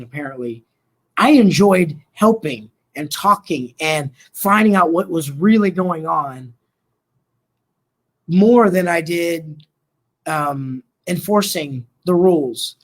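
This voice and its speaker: Relaxed storytelling man, fairly high voice. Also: takes it slowly. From Colorado and Oklahoma. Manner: relaxed, rambling, acts out quoted dialogue. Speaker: interview guest, mental health worker. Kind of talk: casual storytelling interview.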